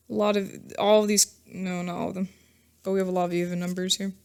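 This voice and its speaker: A woman's voice: mid-range voice, little pitch movement, fast, a bit bright. A woman giving a casual tarot reading to camera, chatty and thinking aloud, often laughing at herself. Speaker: tarot reader.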